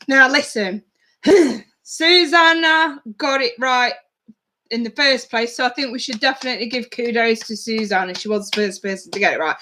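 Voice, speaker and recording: A woman runs a live tarot session for her viewers, her voice sitting a little higher than most. She talks to them in a chatty, blunt way and swears casually. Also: sharp tone. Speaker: tarot reader. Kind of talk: live-stream tarot reading.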